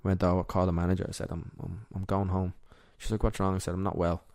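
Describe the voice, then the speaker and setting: A young Irish man speaks as a podcast guest, candid and emotional, often halting mid-thought. His voice sits low and mellow, and the sound is close and dry with no room around it. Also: little pitch movement, dry recording. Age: young adult. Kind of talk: personal storytelling in interview.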